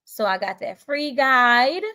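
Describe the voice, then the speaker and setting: A woman's voice: fairly high pitch, slow, pushed and bright, smooth. A woman with a Southern US accent, hosting a live stream for teachers in a chatty, encouraging way and reading out viewer comments. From Southern United States.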